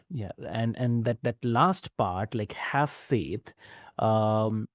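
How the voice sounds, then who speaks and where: A man's voice: fairly low pitch, extremely slow, dry recording, studio quality. A man hosting a podcast interview, asking questions hesitantly with many fillers and affirming the guest. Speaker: podcast host.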